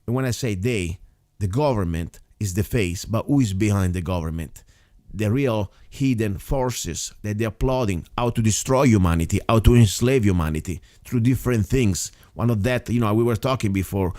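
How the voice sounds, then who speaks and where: A man's voice: mid-range voice, darkish tone, dry recording, clean studio sound. A man hosting a radio show, speaking English in an emphatic, rambling way. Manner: emphatic, rambling, non-native phrasing. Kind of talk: casual radio talk.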